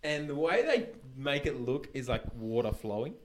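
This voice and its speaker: A man's voice: medium pitch, sing-song, normal speed. Young man, casual chat, swears a lot, laughs through his stories. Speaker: podcast co-host.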